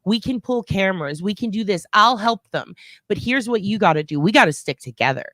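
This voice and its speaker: A woman acting out a smooth-talking, manipulative stepfather who coaxes and reassures in a pushy way. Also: mid-range voice, lively intonation, a little fast, fairly bright tone, dry recording, lightly acted. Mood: scheming.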